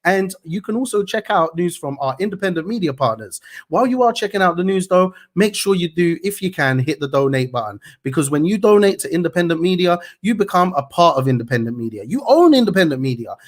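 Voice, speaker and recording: Male news host, slightly raised pitch, slight cough, animated rants, home stream. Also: a little fast, few pauses. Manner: slangy, animated, ranting. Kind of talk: casual news commentary.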